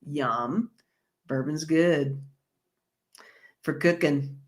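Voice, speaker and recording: A woman with a low-sitting voice speaks very slowly as she hosts a casual livestream chat. She reads viewer comments aloud and laughs along chattily.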